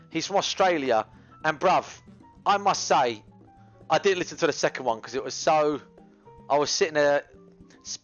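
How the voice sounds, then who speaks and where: Brief: male livestreamer, brash rambling chat, animated, dull camera-mic sound. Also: on the high side. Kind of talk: casual cooking livestream chat. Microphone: GoPro camera mic.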